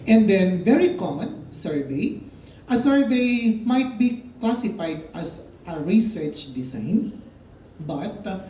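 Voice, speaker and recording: A man's voice: a little high, dark tone, echoey room, slight background noise, poor audio. A man teaching statistics in a recorded lecture, explaining step by step with frequent fillers and emphatic rises.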